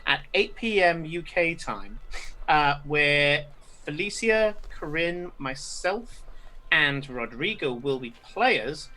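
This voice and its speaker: A man hosting a live game stream, giving casual wrap-up announcements in a halting way full of fillers that often trails off quietly. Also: a little high, expressive, poor audio. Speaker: game master and stream host.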